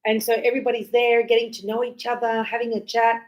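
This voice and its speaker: Animated middle-aged woman English teacher, high voice, acts out examples. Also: fast. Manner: animated, acts out little dialogues. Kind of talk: lively teaching explanation with acted examples.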